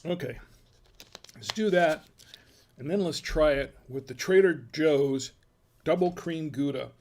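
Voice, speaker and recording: A man's voice: on the high side, measured pace, a little mellow, a little hiss or hum. An American man hosting a casual wine tasting, chatty and folksy, murmuring as he samples food and wine. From United States. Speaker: wine review host.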